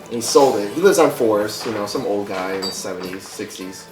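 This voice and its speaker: A man's voice: fairly low pitch, fairly quick, recorded from a distance, background noise. Profane man telling hospital stories. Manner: profane, animated storyteller who acts out quoted people. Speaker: podcast guest. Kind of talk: casual storytelling chat. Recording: roomy, off-mic with loud music behind.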